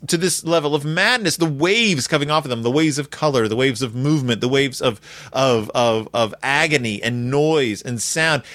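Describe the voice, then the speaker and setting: A man's voice: fairly high pitch, sharp tone, dry recording. A man giving a sarcastic, exaggerated, rambling comedic recap of a children's book. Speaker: podcast host reviewing a children's book.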